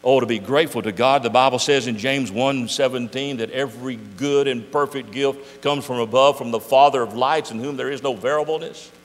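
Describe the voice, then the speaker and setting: A man's voice: mid-range voice, fairly quick, few pauses. An older man preaching a sermon, emphatic and full of rhetorical questions. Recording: echoey hall.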